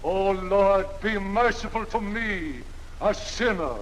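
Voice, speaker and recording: An actor playing a street preacher who intones warnings to sinners in a 1940s film. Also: male voice, high-pitched, a little hiss or hum, low-quality recording. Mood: solemn. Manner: intoning, slow and solemn.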